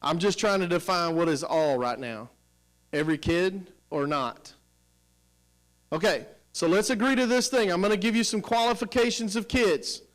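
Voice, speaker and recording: A high-pitched middle-aged man runs a professional development session for teachers in a school room. He talks in an energetic, questioning way, prodding the tables for answers. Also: normal speed, low-quality recording. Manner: energetic, questioning, coaxing the audience. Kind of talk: teacher training workshop.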